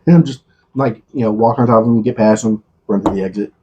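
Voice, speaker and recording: A man's voice: lowish voice, fast, dull audio, slight background noise. A man co-hosting a podcast, rambling about video games, swearing freely and teasing his friend. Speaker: podcast co-host. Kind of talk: casual chat.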